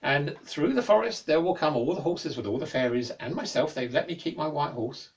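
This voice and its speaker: Guy doing a worried enchanted young man, slow and grave, storybook voice, bit off mic. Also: a little high, animated, vocal fry, far from the mic, slight background noise.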